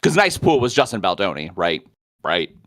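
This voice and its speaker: A man's voice: sits low, very animated, moderate pace, a bit bright. A man co-hosting a podcast in casual chat, blunt, joking and a bit profane. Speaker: podcast co-host.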